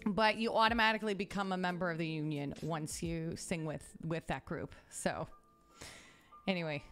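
Woman podcast host, lowish voice, giggly and chatty, faint music behind. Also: steady tone, moderate pace, fairly bright tone. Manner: bubbly and laughing often, with many restarts. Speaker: opera soprano. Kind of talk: casual chat.

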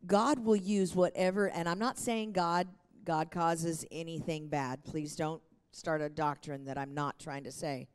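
A woman's voice: low-pitched, fairly even intonation, a little slow, few pauses, clean tone. A middle-aged woman preaching a sermon in an earnest, encouraging way. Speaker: pastor.

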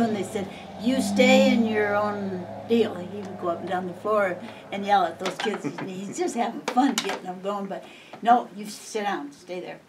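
Rambling older woman telling stories. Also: mid-range voice. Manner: chatty and rambling, laughing often. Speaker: interviewee. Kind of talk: reminiscing storytelling. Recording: distant mic, faint background noise.

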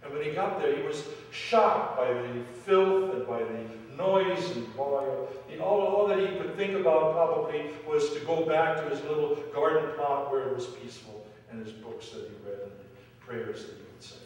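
A man preaching a sermon as pastor, telling a story that swells to loud dramatic peaks and falls back to quiet. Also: normal speed, few pauses. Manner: storytelling, rising to loud dramatic peaks then dropping low. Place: church sanctuary. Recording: echoey hall from far off, faint hiss.

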